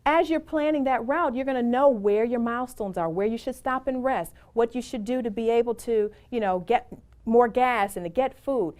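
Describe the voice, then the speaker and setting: Woman motivational speaker, middle-aged, slightly high voice, emphatic and encouraging. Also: moderate pace, darkish tone. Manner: emphatic, encouraging, tells personal stories. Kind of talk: motivational presentation.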